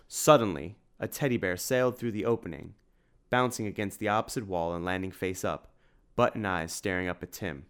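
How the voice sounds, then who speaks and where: A man narrating a storybook in a steady storytelling manner. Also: low voice, brisk, clear, resonant tone. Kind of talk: audiobook narration.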